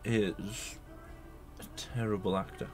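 A man's voice: on the low side, fairly even intonation, slow pace, a little mellow, soft background music. A man with a Northern English accent chatting casually while watching a film, teasing and mock-provocative, laughing often. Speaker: reaction video co-host. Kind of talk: casual chat over a film.

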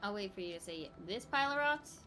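A woman's voice: medium pitch, animated, quick pace, pushed and bright. A young woman streamer giving casual, frustrated gameplay commentary, swearing and talking to her chat. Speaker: gaming streamer. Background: game music.

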